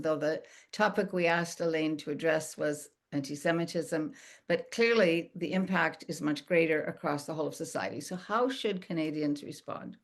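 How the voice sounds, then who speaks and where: Woman moderator with a lowish voice. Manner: conversational, checking in with "right?". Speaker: event moderator.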